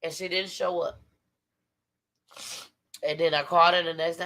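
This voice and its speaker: A woman's voice: lowish voice, fairly even intonation, normal speed, long pauses, fairly bright tone. A woman hosting a livestream, talking heartfelt and tired to her viewers, sometimes dropping to a whisper. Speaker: livestream host. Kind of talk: emotional livestream talk.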